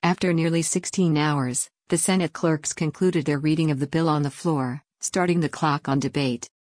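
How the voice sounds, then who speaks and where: A woman reading a news article aloud in an even, steady way. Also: low-pitched, moderate pace, no room sound, clean studio sound.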